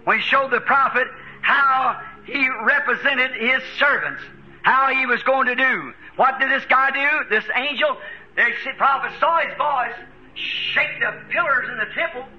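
An American man preaching a fervent sermon, chuckling between lines and rising to shouts. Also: very high-pitched, measured pace, dull audio. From United States.

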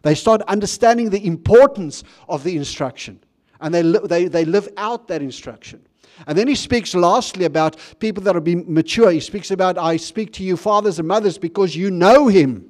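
High-voiced pastor preaching conversationally. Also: male voice, animated, moderate pace, a little mellow. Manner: conversational, stumbling restarts; asks the congregation questions. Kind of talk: sermon.

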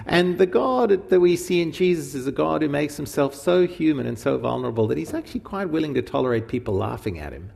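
A man's voice: a little high, a little fast, gravelly, hardly any pauses, long reverb tail. A man teaching from the Bible in an informal, conversational sermon, asking his listeners questions as he goes. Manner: animated, informal, asks the audience questions. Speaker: preacher teaching from the Gospel.

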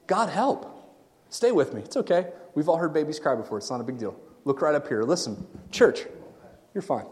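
Man preaching a sermon, high voice, sweeping pitch, shouts and laughs, long church-hall reverb. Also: normal speed. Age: adult, married. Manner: swings from quiet asides to shouted excitement; playful, laughs at his own jokes. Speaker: pastor. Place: church sanctuary.

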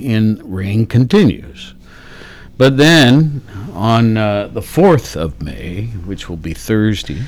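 In a radio studio, a man with a lowish voice hosts a morning talk show over a studio microphone, chatting loosely and often correcting himself amid many fillers. The recording is dry.

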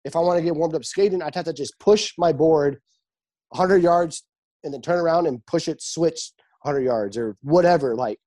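A young man in his twenties chatting casually, telling animated stories with lots of swearing and acted-out dialogue. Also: fairly high pitch, moderate pace. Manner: animated, swears freely, acts out quoted dialogue. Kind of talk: casual chat, storytelling.

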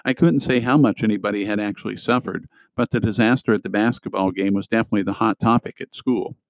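A man's voice: lowish voice, steady tone, quick pace, no room sound, poor audio. A man reading a middle-grade novel aloud as scripted narration, giving small voice shifts to the characters' lines. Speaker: audiobook reader.

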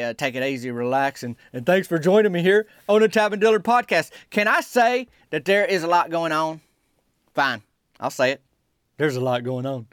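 A man hosting a podcast, talking in a folksy, rambling, excitable comic monologue. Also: medium pitch, no echo, clean studio sound. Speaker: podcast host.

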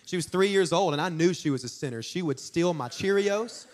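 A young man preaching a sermon, telling stories in an animated, joking way with asides to the congregation. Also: fairly high pitch, brisk. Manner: animated, jokey storytelling with audience asides. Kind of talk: storytelling sermon.

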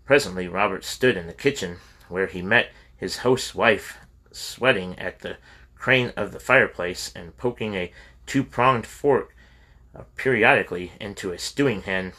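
Low bright male audiobook narrator. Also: moderate pace. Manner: steady storytelling reading. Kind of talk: scripted narration.

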